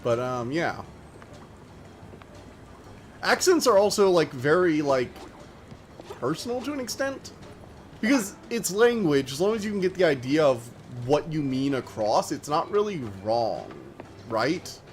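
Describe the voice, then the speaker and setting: A man's voice: on the high side, very animated, unhurried, pauses often, slight background noise. An American man chatting loosely as he streams a game, rambling with lots of filler words. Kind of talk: casual let's-play commentary.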